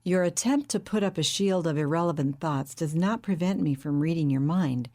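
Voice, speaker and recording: A woman reading a huge, charismatic male psychic in an audiobook, with a deep, melodious, calm and patronizing manner. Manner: calm, measured, intimate.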